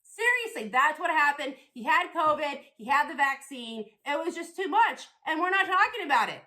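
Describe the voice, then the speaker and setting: High bright profane female comic. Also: sing-song, normal speed. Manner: rambling, profane, provocative. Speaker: comedian and podcast host. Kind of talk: crude stand-up rant.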